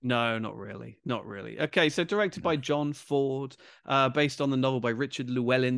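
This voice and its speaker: A man chats through a film review as co-host, relaxed and conversational. His voice sits at a middling pitch and sounds close and dry, with no room around it. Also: fairly quick, creaky, hardly any pauses, dry recording. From Britain. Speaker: podcast co-host. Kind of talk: casual film review chat.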